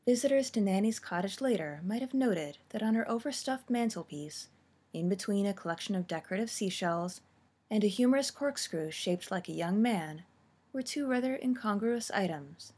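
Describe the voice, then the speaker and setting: A woman narrating a story with a steady, expressive reading. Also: mid-range voice, normal speed, breathy edge.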